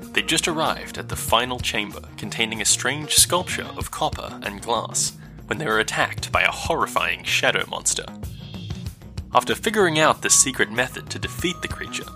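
A young man hosting a tabletop game podcast as dungeon master, joking with players and then narrating a recap. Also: medium pitch.

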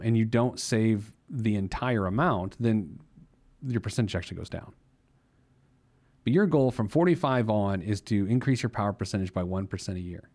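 A man's voice: on the low side, a little mellow. A man hosting a personal finance podcast in a casual, jokey monologue, laughing at his own silliness. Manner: playful, jokey, laughs at himself. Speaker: podcast host giving money advice.

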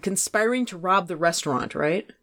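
A woman co-hosting a podcast in casual chat, excitable and laughing, often stumbling into restarts. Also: fairly low pitch, moderate pace. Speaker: podcast co-host.

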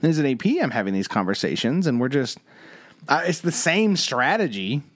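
Reflective man with lively, swinging pitch. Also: moderate pace, no room sound, studio quality. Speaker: assistant principal and podcast co-host. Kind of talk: casual conversation.

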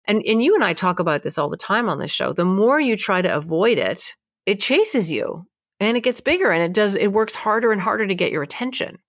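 A woman co-hosting a talk show, giving emotional advice in a lively, laughing way. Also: mid-range voice, dry recording, clean studio sound. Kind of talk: casual advice chat.

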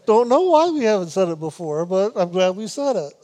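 A man giving a spiritual meditation talk, unhurried and repetitive, gently teasing his listeners and laughing now and then. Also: high-pitched, big pitch swings. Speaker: spiritual teacher.

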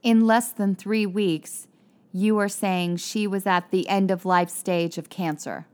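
A woman's voice: mid-range voice, steady tone, a little slow, close to an everyday voice. A woman voicing a blunt female police officer who questions a suspect firmly. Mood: probing. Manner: firm, pointed questioning.

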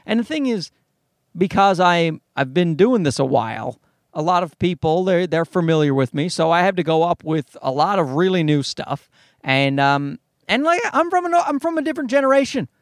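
Comedian in his 30s, high lively voice, swears a lot, dry close sound. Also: moderate pace, no echo. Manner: rambling, profane, animated. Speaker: comedian and podcast host. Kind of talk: casual comic monologue. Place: parking garage.

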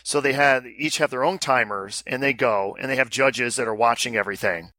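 A man co-hosts a casual podcast, his voice bright and forward. He explains things at length, repeating words as he works through them. The sound is dry and close. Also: mid-range voice, brisk, dry recording. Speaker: podcast co-host. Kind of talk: casual chat.

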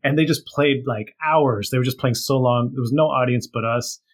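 A man with a husky, slightly breathy voice talks casually as a guest. He tells stories at length, laughing often and filling gaps with "like" and "you know". His pitch sits in the middle range. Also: moderate pace. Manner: storytelling, laughs often, many fillers. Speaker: author and guest. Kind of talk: casual chat.

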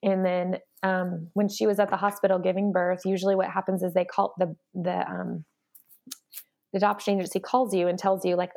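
A woman's voice: lowish voice, little pitch movement, fairly quick, gravelly, darkish tone. A woman speaking earnestly and candidly as a guest, with many fillers and restarts. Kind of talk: personal storytelling in conversation.

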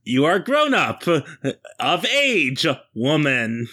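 A man voicing a friendly male robot on tank treads, in halting, clipped phrases. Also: fairly high pitch, huge pitch swings, bright, forceful tone, pitched above the performer's own voice, full character voice. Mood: cheery. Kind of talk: tabletop role-play voice.

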